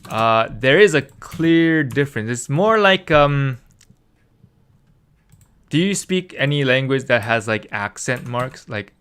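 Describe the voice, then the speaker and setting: A man teaching language in a relaxed live session, taking his time. His voice is bright and smooth, and he patiently repeats syllables again and again while filling pauses with "like". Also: mid-range voice. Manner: patient, drills syllables by repeating them, many "like" fillers. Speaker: Korean language tutor. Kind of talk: casual live tutoring.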